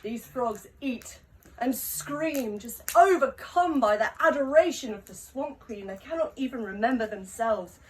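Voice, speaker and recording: A woman telling a story aloud at a live gathering, unhurried and often laughing mid-sentence, in a live recording from a distance. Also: a little high, animated, a little hiss or hum.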